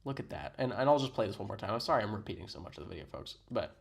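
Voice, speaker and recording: A man's voice: on the low side, lively intonation, very fast, creaky. A man giving sarcastic, mock-serious commentary on a video he is playing. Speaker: reaction commentator.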